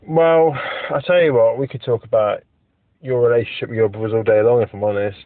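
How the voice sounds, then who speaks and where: A man's voice: medium pitch, fairly even intonation, brisk, no echo. A man co-hosting a podcast over a phone call, teasing his friend in a dry, casual way. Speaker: podcast co-host. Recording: tinny phone line, dry.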